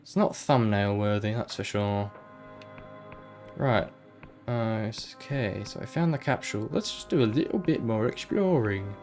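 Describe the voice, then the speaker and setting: A man's voice: on the low side, animated, unhurried, darkish tone, soft background music. A man playing a video game and thinking aloud in a rambling, casual way. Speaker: gamer. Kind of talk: let's play commentary.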